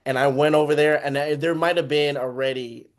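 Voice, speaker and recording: This young podcast host from Texas has a voice on the high side and talks a little fast. He tells a story in casual chat, animated and acting out the voices of the people he quotes.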